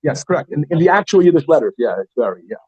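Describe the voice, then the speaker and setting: Animated male teacher in a classroom. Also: a little high, rapid-fire, husky, dry recording, dull audio. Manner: animated, chatty, self-interrupting. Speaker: Yiddish teacher. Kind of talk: classroom lesson.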